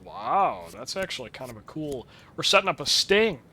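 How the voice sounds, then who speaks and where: A man's voice: medium pitch, big pitch swings, normal speed, hardly any pauses, bright, forceful tone. A young man with a stuffed-up nose giving rambling, wry, sweary commentary while he streams a game. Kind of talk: casual gameplay commentary.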